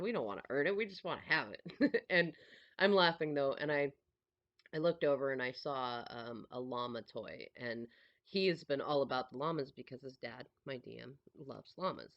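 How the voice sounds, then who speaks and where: A mother chatting casually as she tells a family story, animated and laughing often. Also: extremely low pitch, a little fast, vocal fry, dull audio.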